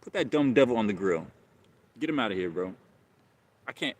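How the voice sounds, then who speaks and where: A man's voice: fairly low pitch, lively intonation, a little fast. A man hosting a live stream, talking casually and rambling, often repeating himself and calling listeners bro.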